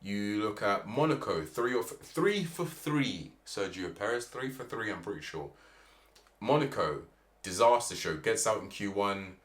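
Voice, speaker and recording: A man giving animated, opinionated motorsport commentary, with emphatic rhetorical questions. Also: fairly low pitch, unhurried.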